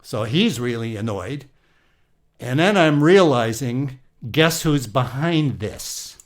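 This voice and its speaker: In a comedic improvised interview, a man plays Isaac, an aging, aggrieved patriarch who tells his story in Yiddish-inflected English peppered with old-world exclamations. His voice sits at medium pitch, expressive and slow.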